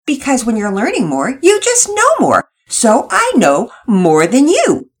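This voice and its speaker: Brief: a woman playing a flippant little girl, squeaky high and husky, storybook read-aloud. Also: very animated, measured pace, full character voice. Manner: flippant, giggly, stammering when scolded. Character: bratty mocking young girl.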